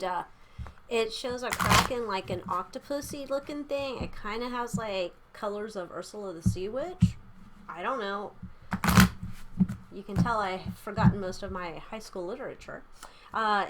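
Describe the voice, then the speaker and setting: A woman's voice: mid-range voice, very noisy. A woman giving a casual tarot reading, rambling and chatty, irreverent, with casual swearing. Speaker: tarot reader.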